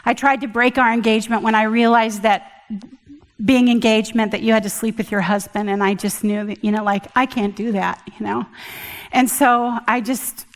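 Older woman, church testimony, earnest, halting restarts, slightly high voice, long hall reverb. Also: fairly even intonation. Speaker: church speaker. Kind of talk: personal testimony.

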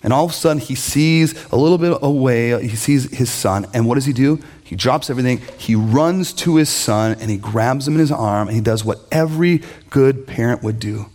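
A middle-aged man, a pastor, preaching a sermon with animated storytelling and mocking voices for quoted characters. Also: mid-range voice, moderate pace, few pauses.

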